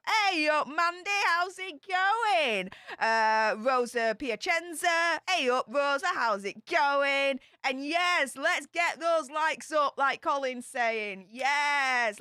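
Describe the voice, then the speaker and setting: Her high voice comes across bright and forceful as this woman from Yorkshire, England, speaking with a Yorkshire accent, runs a YouTube livestream. She chats casually and greets viewers one at a time in a bubbly, chatty manner. The studio sound is clean with no echo.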